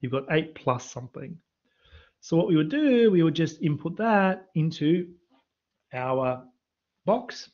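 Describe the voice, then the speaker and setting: Man, university maths lecturer, lively, quizzing the chat, live stream, dull lo-fi sound. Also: fairly high pitch. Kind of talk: live-streamed revision lesson. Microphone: computer mic on a live stream.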